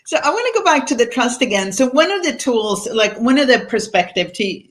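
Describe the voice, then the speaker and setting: A woman's voice: on the high side, big pitch swings, brisk. Casual woman host asking questions. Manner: casual, hesitant fillers when framing questions. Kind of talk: live conversational chat.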